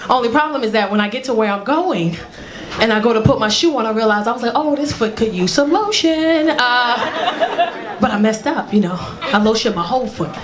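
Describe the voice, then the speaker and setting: Speaking briskly in a fairly high, expressive voice, a middle-aged comedian does a live club set with crowd work. Her banter with the audience is brash and profane, and the crowd laughs in the background.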